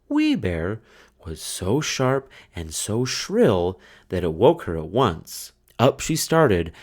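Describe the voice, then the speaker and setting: A man reading a children's fairy tale aloud in a slow, expressive storytelling manner. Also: lowish voice. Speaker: storybook reader. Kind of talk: children's book read-aloud.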